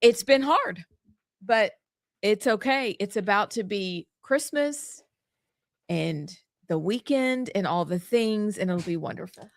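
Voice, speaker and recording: A woman's voice: medium pitch, animated, slow pace, dry recording. Lady radio cohost, chatty and teasing, dead dry mic. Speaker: radio co-host. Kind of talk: casual studio chat. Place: radio studio.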